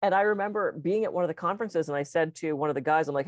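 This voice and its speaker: A woman with a lower-pitched voice, talking fast and animatedly about her own experiences. She slips into the voices of the people in her stories. The recording is dry and close, with no room sound. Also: dry recording. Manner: animated, acts out voices in anecdotes. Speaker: hypnotist, podcast guest. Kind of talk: casual conversation.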